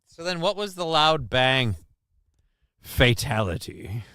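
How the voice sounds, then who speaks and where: A man's voice: mid-range voice, very animated, takes it slowly, pushed and bright, clear, resonant tone, no room sound, studio quality. A man hosting a live talk stream, reacting to clips and reading out chat comments in a loose, profane way. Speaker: livestream talk show host.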